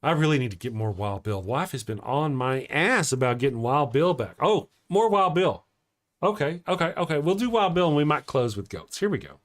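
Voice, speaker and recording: A man's voice: a little high, sing-song, moderate pace. A middle-aged man hosting a casual morning livestream, rambling and chatty as he reads viewer comments aloud. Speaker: morning show livestream host.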